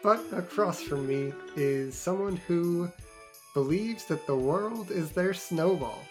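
A woman chats as a player in a tabletop game, hesitant and a little self-deprecating. Her voice sits slightly low. Music plays clearly beneath her. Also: lively intonation, takes it slowly. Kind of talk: casual chat.

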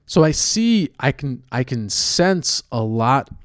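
A man hosting a podcast, talking through his thoughts in a reflective, measured way and often rephrasing himself. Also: medium pitch, sing-song, dry recording, studio quality. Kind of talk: casual spoken commentary.

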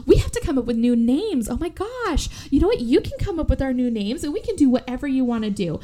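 A woman voicing a clingy young woman who is falsely cheerful, in a high, gushing, sing-song way. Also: very animated, fast talker, mellow. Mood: manic cheer.

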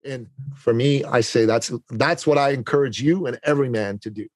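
A man's voice: mid-range voice, moderate pace, no echo. A middle-aged man, a podcast guest, telling a personal story in an earnest, confessional way, often repeating words as he gathers his thoughts.

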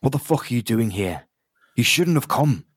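A man's voice: mid-range voice, very animated, moderate pace, husky, no echo, clean studio sound. A man voicing a jumpy, foul-mouthed young male innkeeper who snaps and swears. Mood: hushed. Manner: swears constantly, snappy and flustered.

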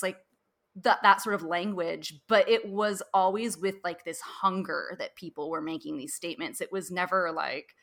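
A woman's voice: fairly low pitch, normal speed, vocal fry, a bit bright. A woman host chatting in a casual podcast conversation, telling a personal story with frequent laughs and fillers. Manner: chatty, laughs often, many "like"s.

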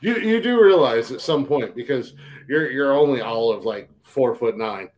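A man with a mid-range voice co-hosts a casual podcast. He teases his partner with quick reactions and joking asides. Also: medium pitch, animated, darkish tone. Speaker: podcast co-host.

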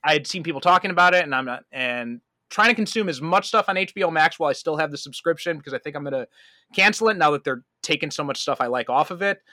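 A man guesting on a podcast tells stories with bright, fairly high energy. His pitch swings widely, and he often breaks into laughter. The recording is dry, with no room sound. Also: quick pace, dry recording. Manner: animated storyteller, laughs often. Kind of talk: casual chat.

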